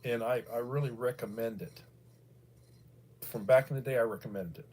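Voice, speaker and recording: A middle-aged American man hosts a livestream in a slightly mellow, mid-range voice with a bald quality. At a moderate pace, he drifts through casual commentary thick with fillers and restarts.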